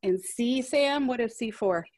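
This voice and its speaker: A woman leading a children's library storytime, cheerful and unhurried as she reads aloud to kids. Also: fairly high pitch, a little mellow.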